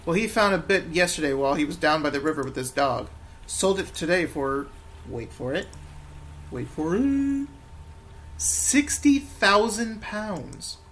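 Man putting on a cocky corrupt cop, lazy and scornful, brash slang, high voice, faint background hiss. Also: lively intonation, fairly quick, a bit bright. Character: lazy corrupt male London policeman, cocky.

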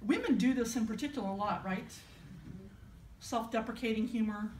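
A woman's voice: a little high, normal speed, darkish tone, far from the mic, slight background noise. Woman minister preaching in an echoey church. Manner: conversational, storytelling, self-deprecating. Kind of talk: sermon. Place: church sanctuary.

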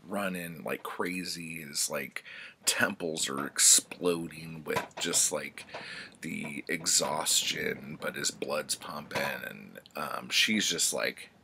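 A man with a very deep, gravelly voice drags out a loose, profane retelling of a story. He talks slowly, and his tone stays bright and forward. A faint hiss sits under his voice. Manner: rambling, filler-heavy, profane. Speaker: book vlogger.

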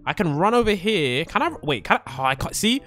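A young man narrating a Minecraft let's play, excitable, yelping and screaming when startled. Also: sits high, fairly quick, soft background music. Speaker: gaming channel host.

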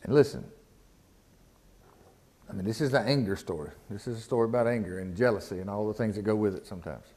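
A man's voice: lowish voice, fast, pauses often, darkish tone. A man preaching a sermon in a folksy, casual way, often repeating words and asking the congregation questions. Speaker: pastor. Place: church.

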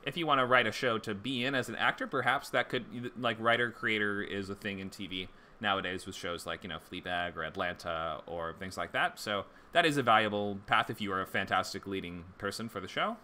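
A man's voice: on the low side, fairly quick, hardly any pauses, pushed and bright. A man teaching a screenwriting class in a loose, conversational way, full of fillers and restarts, and he has the hiccups. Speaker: screenwriting instructor. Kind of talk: casual livestream lecture.

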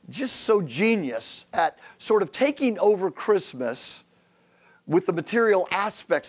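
A man in his fifties, a pastor giving a joking sermon to men, telling stories and acting out quotes. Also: high voice. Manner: humorous storytelling with acted quotes.

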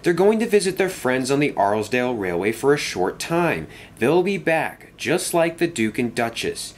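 A man's voice: mid-range voice, big pitch swings, moderate pace, slight background noise, voice pushed up, lightly acted. A man voicing a weary, sensible male engine who talks in a tired but firm way.

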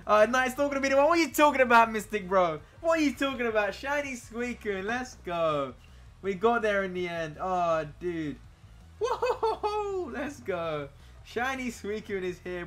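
A young man, streaming games on a desk mic, bursting into shouted reactions and then muttering low asides. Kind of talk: excited shiny-hunt reactions.

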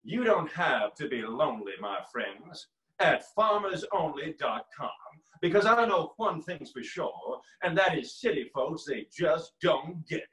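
A man's voice: lively intonation, a bit bright, roomy sound, rough recording. A man doing a creepy drawling politician. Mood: ominous. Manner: slow, low, ominous drawl. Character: creepy, ominous male TV politician, menacing.

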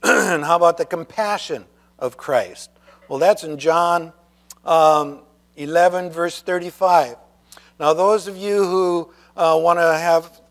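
Male pastor, sermon delivery, unhurried reading with a high voice and questions to the room. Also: a bit bright. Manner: reads scripture slowly, asks congregation questions.

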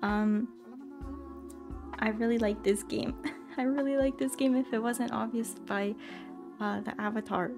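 A woman's voice: fairly high pitch, steady tone, unhurried, pauses often. A woman streaming a game, chatting casually, apologizing and greeting viewers by name in a bubbly way. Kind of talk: casual live-stream chat while gaming. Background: game music.

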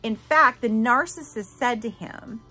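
Middle-aged woman host, bright and forceful voice, candid and emphatic personal storytelling, faint music underneath. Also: a little high, a little slow, husky. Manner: candid and emphatic, swears casually, addresses listeners directly. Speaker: podcast host.

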